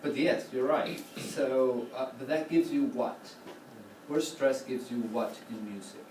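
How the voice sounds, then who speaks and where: A man teaching choral conducting in a classroom, coaching students with a steady run of questions. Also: mid-range voice, unhurried. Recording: roomy, distant, noisy classroom recording.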